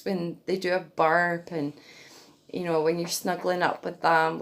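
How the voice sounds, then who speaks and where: Low, gravelly-voiced mum. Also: female voice, fairly even intonation, a little slow. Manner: chatty, gentle, breaks into sing-song baby talk. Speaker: parenting vlogger. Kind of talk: casual advice vlog.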